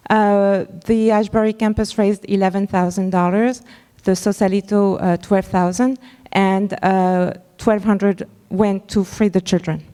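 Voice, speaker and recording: A woman, a school's director of advancement, presenting at a member forum and speaking haltingly with many fillers. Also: mid-range voice, steady tone, warm tone, smooth, big-room sound. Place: large hall at a school forum.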